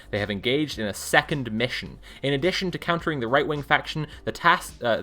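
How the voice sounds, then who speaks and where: A woman live-streaming, reading a book aloud and breaking off into sarcastic, rambling commentary. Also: a bass voice. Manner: sarcastic, rambling asides between read passages.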